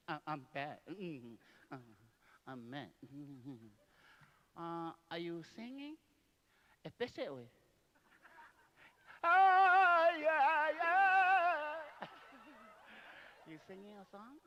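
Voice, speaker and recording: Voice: mid-range voice, animated, slow, long pauses, highs cut off. A speaker who chats playfully with a child in broken English, teasing and laughing often. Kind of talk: playful casual chat.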